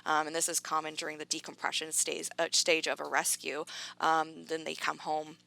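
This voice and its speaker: A woman's voice: low-pitched, completely flat delivery, moderate pace, gravelly, pushed and bright. A woman dog trainer giving a casual, chatty training lesson, full of fillers and acted-out quotes. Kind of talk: educational talk to camera.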